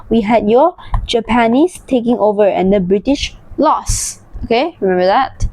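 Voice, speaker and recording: A woman's voice: fairly high pitch, darkish tone, no room sound. A young woman with a Malaysian accent gives a casual revision lesson as a history tutor, mixing English and Malay and explaining keywords as she draws. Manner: switches between English and Malay, explains keywords while drawing.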